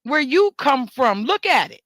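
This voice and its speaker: American host, casual monologue rant, emphatic and repetitive, high bright voice. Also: sing-song, unhurried, no echo. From United States. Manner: emphatic, repetitive storytelling with cursing. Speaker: talk show host.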